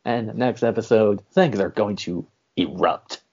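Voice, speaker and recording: A man's voice: lowish voice, a little slow, darkish tone, breathy edge, muffled recording. A man hosting a casual movie podcast, talking in an easygoing way and wrapping up the episode. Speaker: podcast host. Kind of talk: casual chat.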